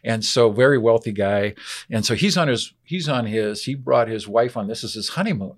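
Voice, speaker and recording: An older man, a biblical archaeologist, telling a lively anecdote as a podcast interview guest. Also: medium pitch, normal speed. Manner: animated anecdote-telling, acts out voices.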